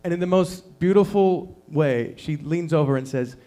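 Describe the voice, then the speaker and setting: Canadian-ish comic guy at an open mic, dry and self-deprecating, bit of a higher voice. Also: normal speed, slight background noise. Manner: deadpan, self-deprecating, acts out quotes with big jumps in pitch. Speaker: stand-up comedian. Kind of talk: stand-up set at an open mic. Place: small performance venue.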